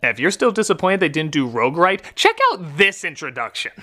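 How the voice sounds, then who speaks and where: Animated sarcastic male film critic. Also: on the high side, brisk, slight background noise. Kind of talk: comedic review narration.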